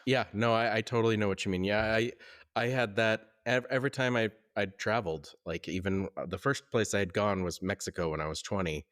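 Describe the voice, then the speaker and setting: Man from California, easygoing podcast co-host, lowish voice, laughs through his stories. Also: a little fast, a bit bright. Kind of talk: casual conversational podcast.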